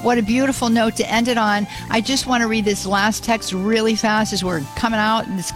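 A woman's voice: fairly high pitch, steady tone, fairly quick, hardly any pauses, soft background music. A woman hosting a religious call-in radio show, gushing and repeating words of praise. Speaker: radio host.

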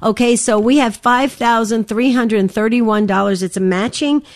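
A woman's voice: fairly high pitch, moderate pace, no echo. A woman co-hosting a live radio pledge drive, who is under the weather and tells stories earnestly and emotionally, with many restarts. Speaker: radio fundraiser co-host.

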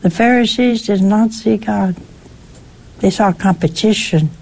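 A woman giving a conversational sermon in a folksy way, asking her listeners rhetorical questions and jumping up in pitch for emphasis. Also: unhurried, vocal fry, a little mellow. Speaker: preacher.

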